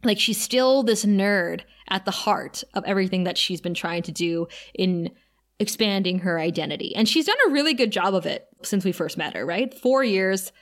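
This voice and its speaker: Woman podcast co-host, casual episode recap, chatty, animated, laughs a lot, mid-range voice. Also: mid-range voice, normal speed.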